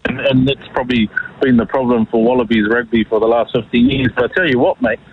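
A man's voice: medium pitch, animated, quick pace, husky. A middle-aged man calling in to a radio talk show, chatting in a rambling way with lots of fillers. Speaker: caller. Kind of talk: casual talkback chat about rugby. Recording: tinny phone line.

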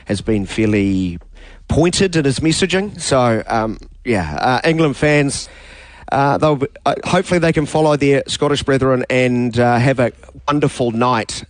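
A man hosting sports radio, talking through a match in a halting way with many restarts. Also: mid-range voice, expressive, no room sound. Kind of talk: casual sports talk.

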